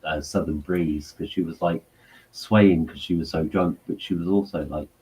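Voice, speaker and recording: A man telling stories in casual chat, halting and rambling with many fillers. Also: extremely low pitch, steady tone, dark tone, slightly rough, rough recording.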